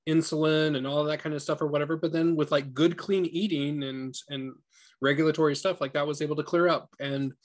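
A man's voice: a little high, fairly even intonation, brisk. Laughing, chatty young man. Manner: laughs often, chatty with many fillers. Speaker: book group member and audiobook reader. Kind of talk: casual group discussion.

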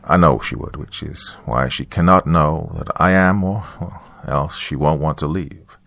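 A man voicing a secretive woman who asks in a hushed, pleading way to keep her survival hidden. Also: a bass voice, unhurried, gravelly, no room sound, exaggerated voice. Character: secretive woman hiding that she is alive.

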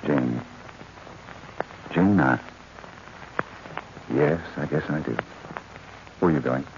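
A brooding, secretive lord. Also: male voice, rumbling low, takes it slowly, vocal fry, heavily acted. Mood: tender. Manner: earnest, pleading, guarded. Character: secretive brooding master of the house. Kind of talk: 1940s radio drama acting. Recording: noisy, muffled 1940s radio recording.

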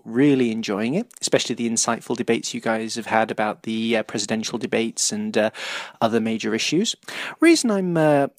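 A man's voice: mid-range voice, dry recording. A British man leaving a polite, hesitant voicemail for a podcast, with frequent fillers. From United Kingdom. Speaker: voicemail caller.

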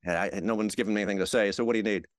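An older American man, a veteran TV host, telling showbiz anecdotes in a relaxed interview and acting out the quotes. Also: lowish voice, racing, dry recording, studio quality. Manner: animated anecdotes, acts out quotes. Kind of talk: storytelling chat.

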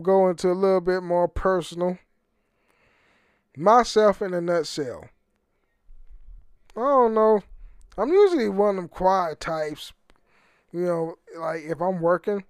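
A man's voice: sits high, clean tone, no room sound, studio quality. A man hosting his own podcast, rambling and swearing freely, often stumbling over repeated words and laughing. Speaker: podcast host. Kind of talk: casual solo podcast rant.

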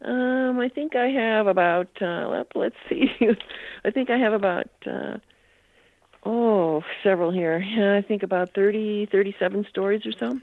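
A woman's voice: mid-range voice, a little slow, no echo. Older woman, guest author, rambling storyteller, tinny phone line, dry sound. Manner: rambling, full of "you know" asides.

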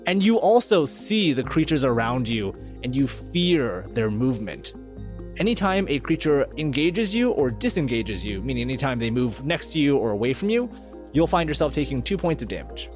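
A man runs a tabletop fantasy session, describing the action with playful relish. His pitch moves a lot from line to line. Quiet music plays underneath. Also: normal speed. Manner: animated, playful narration. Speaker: game master. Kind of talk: narrating a tabletop game.

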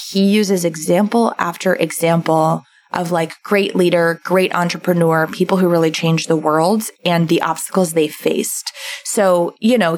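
A woman co-hosting a podcast, explaining a book's ideas in a casual, list-by-list way. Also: fairly low pitch. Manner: explains in lists, acts out quoted voices. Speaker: podcast co-host summarizing a book. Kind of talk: casual chat.

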